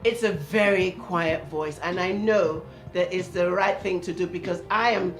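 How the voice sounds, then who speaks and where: A woman talks to camera in a casual vlog and tells an earnest personal story. She drops her voice quietly whenever she quotes her inner voice. The room gives off a noticeable echo, with faint music underneath. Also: lowish voice, fairly even intonation, a little slow. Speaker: vlogger.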